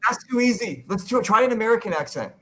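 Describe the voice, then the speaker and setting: A man's voice: high-pitched, animated, fast, over a noisy crowd. A male host running a casual, joking chat with enthusiastic praise. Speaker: podcast host. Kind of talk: casual video-call chat.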